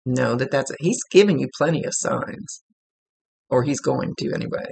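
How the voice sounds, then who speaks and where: A man's voice: mid-range voice, animated, normal speed, vocal fry, darkish tone, husky. A man working as a psychic medium, talking casually and rambling as he relays messages aloud. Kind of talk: casual spirit reading.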